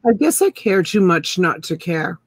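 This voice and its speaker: A woman chatting earnestly on a live stream, talking in a slow, unhurried way. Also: lowish voice, very animated, breathy edge, no room sound. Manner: slow, earnest, talks with her mouth full. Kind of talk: casual live-stream chat.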